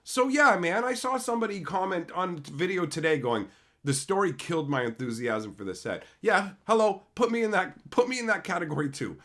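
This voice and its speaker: Young guy ranting on a stream, swearing a lot, voice jumps all over from yelling to muttering, kinda high. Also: sing-song, fairly quick. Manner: heated, profane, swings from shouting to low mutters. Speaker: channel host. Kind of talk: livestream rant.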